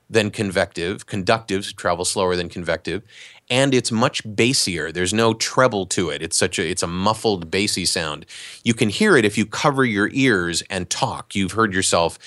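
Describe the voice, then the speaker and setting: A man, an actor and voice talent, explaining in a relaxed, conversational way during a podcast interview. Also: low voice, dry recording, clean studio sound. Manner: relaxed, explanatory, animated asides.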